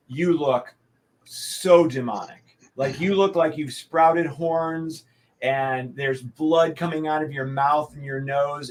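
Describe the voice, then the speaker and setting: Game master, male, slightly high voice, steady matter-of-fact narration.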